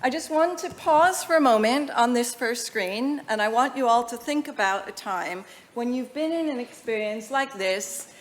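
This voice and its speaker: A woman with an American accent giving a conference presentation, lively and shifting between slow and fast delivery. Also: fairly high pitch. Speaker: conference speaker. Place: lecture hall. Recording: long reverb of a large hall.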